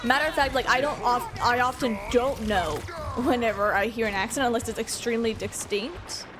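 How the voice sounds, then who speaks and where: High-voiced chatty young woman streamer. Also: a little fast, over music. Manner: chatty, rambling, frequent fillers. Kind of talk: casual chat while gaming.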